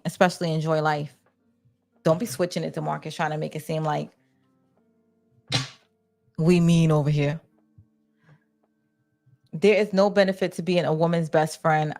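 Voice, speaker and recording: Young woman hosting a live chat, gravelly low voice, blunt and candid, faint music behind. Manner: candid, blunt, swears casually. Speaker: livestream host. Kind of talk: casual live chat reading comments.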